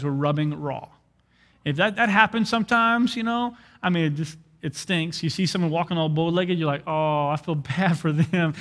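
A young adult man preaching a sermon as a pastor, telling an animated story and acting out quoted dialogue. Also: a little high, long reverb tail.

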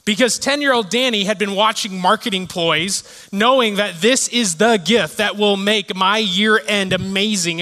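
High, bright-voiced man preaching in a hall. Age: 30s. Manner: animated storytelling, shifting to quiet reflection. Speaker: pastor. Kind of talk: sermon. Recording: reverberant hall sound.

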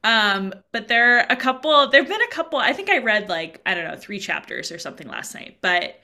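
Chatty woman with a bright voice. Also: fairly high pitch, very animated, fairly quick. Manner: chatty, quotes her own thoughts aloud. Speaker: podcast co-host. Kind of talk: casual chat.

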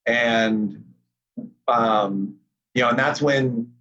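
Husky laid-back man, lo-fi call. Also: mid-range voice, extremely slow, a bit bright. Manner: laid-back, rambling with many fillers. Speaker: podcast guest, musician. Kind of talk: casual conversation.

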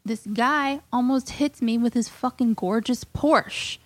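Profane, indignant woman, a bit high. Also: a little slow, dry recording. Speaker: guest. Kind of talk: comedic storytelling rant.

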